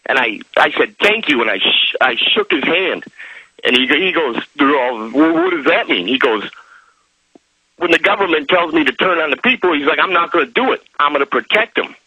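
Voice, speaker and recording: Male caller, rambling and excited, husky bright voice over a phone line. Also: a little high, normal speed, dry recording. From Minnesota. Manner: eager, rambling storyteller.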